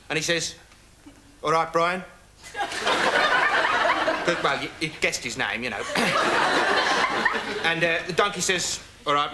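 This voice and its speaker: A dim young man who wanders from one pointless aside to the next in a deadpan TV sketch monologue. His voice sits high and swings widely in pitch, and a loud noise runs under the whole recording. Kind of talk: 1980s TV comedy monologue. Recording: loud noise with laughter over it.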